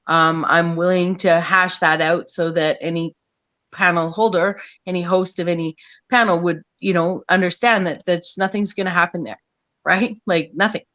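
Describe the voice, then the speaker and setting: A woman's voice: lowish voice, fairly even intonation, moderate pace, fairly bright tone, no echo, low-quality recording. A woman in casual panel talk on an online stream, rambling with many fillers and restarts and swearing freely.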